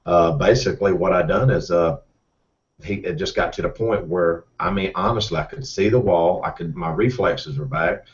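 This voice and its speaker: Man, race driver, low-pitched, rambling and folksy, distant muffled recording. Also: moderate pace. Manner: rambling, folksy, repeats words. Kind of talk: casual storytelling.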